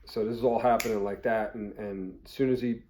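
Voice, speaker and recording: A man's voice: fairly low pitch, fairly even intonation, brisk, dark tone, slight background noise. A man who runs a firearms training channel, telling a story in a blunt, conversational way and swearing freely. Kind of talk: casual vlog storytelling.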